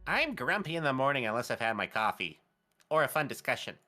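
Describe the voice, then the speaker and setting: A man's voice: medium pitch, very animated, quick pace, pushed and bright, pitched above the performer's own voice. A game master voicing a grumpy male character in a matter-of-fact way.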